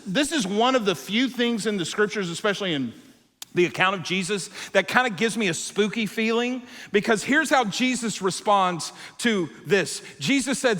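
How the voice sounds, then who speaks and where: A male pastor preaching a sermon, telling a story with animated acted-out voices and dropping to quiet, intense moments. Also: very high-pitched, normal speed, long reverb tail. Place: church auditorium.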